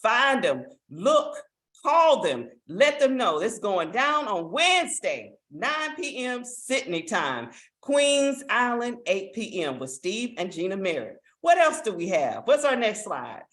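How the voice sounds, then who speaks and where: A woman hosting a live online business opportunity meeting, giving an enthusiastic sales pitch that urges listeners to act, heard over a video call. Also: sing-song, slow pace, a bit bright, roomy sound. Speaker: network marketing meeting host.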